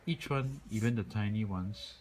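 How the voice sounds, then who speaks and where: A man voicing a gentle, curious male grizzly bear, polite and wistful, in a storybook reading. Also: fairly low pitch, normal speed, slight background noise, lightly acted.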